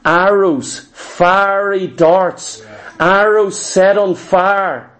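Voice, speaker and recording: A man's voice: sits high, fairly even intonation, extremely slow, fairly bright tone. A male pastor preaching a sermon, telling a scripture story emphatically and acting out the characters' lines. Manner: emphatic and exhortative.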